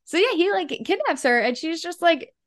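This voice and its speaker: A woman co-hosting a podcast, chatting casually in a halting, filler-heavy way. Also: very high-pitched, very animated, no echo, clean studio sound. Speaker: podcast co-host. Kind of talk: casual chat.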